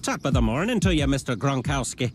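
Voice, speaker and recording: A man's voice: medium pitch, big pitch swings, a little fast, over music, natural voice. An actor playing a cartoon man disguised as a leprechaun, speaking in a put-on stage Irish lilt. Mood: sly pitching.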